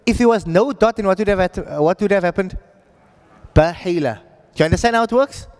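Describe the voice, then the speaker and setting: A man's voice: sits high, racing, a little mellow, smooth, big-room sound. A man teaching an Arabic reading class, talking patiently and checking in with his students often. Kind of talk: classroom lesson.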